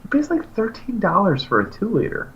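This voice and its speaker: A man co-hosting a casual podcast, ranting through stories with his voice leaping all over the place. The sound is a bit dull and lo-fi. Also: a little fast. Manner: animated ranting storyteller with big pitch jumps. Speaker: podcast co-host. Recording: slightly dull lo-fi recording.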